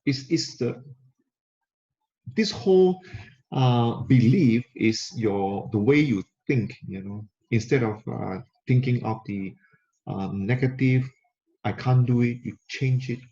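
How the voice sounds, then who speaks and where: A motivational speaker talks to the camera slowly in a medium-pitched, dark voice, coaching listeners and repeating key phrases for emphasis. The lo-fi recording is slightly muffled.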